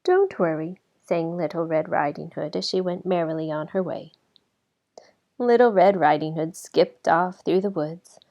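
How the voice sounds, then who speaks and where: Gravelly-voiced woman reading a storybook. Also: lowish voice. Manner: expressive, slowed for effect. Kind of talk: storybook read-aloud. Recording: slightly dull lo-fi recording.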